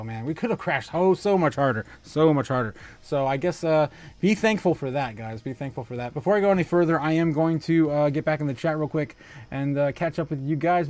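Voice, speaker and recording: A man hosting a casual livestream, reading out viewer comments, laughing often and trailing off into fillers and exclamations. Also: a little high. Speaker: livestream host.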